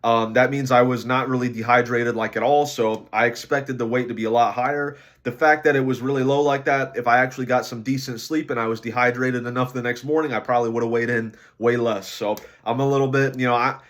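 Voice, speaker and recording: A sleep-deprived man talking casually in a diary-style weight-loss vlog, low on energy and rambling with lots of fillers. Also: fairly even intonation, a little fast, few pauses, fairly bright tone.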